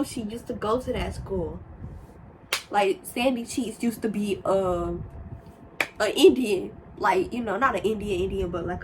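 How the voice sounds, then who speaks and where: A young woman telling a casual storytime, rambling and animated, with sudden high exclamations. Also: background noise. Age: young adult. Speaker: storyteller vlogger.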